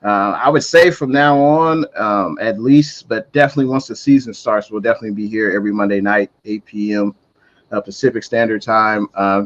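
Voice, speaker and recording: A man's voice: lowish voice, muffled recording. A man hosting a fan talk show, closing it out in an easygoing, thankful way. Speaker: show host. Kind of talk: casual chat.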